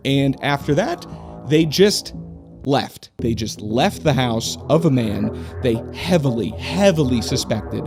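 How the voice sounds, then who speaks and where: A man tells a true crime story in a casual, indignant way, peppering it with swearing and sarcastic asides. His voice sits slightly high and moves expressively up and down. Soft music runs quietly underneath. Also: very animated, a little slow.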